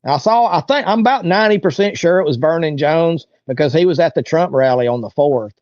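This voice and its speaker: A man with a fairly high, darkish voice tells a casual story at a fairly quick pace while being interviewed. He acts out the quoted voices, and the lo-fi recording sounds dull and dry, with no room sound.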